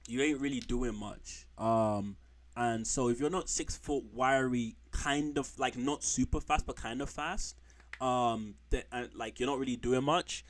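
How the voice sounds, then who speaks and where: A man's voice: mid-range voice, steady tone, unhurried. A man streaming from home, rambling frankly through football players with slang and blunt put-downs. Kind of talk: casual live-stream commentary.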